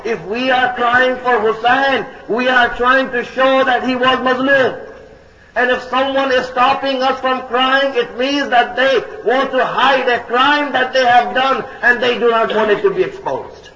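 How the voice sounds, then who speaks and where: A man's voice: extremely high pitch, bright, forceful tone. A man preaching a sermon, repeating key phrases emphatically and addressing his listeners as brothers and sisters. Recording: echoey hall, dull lo-fi sound.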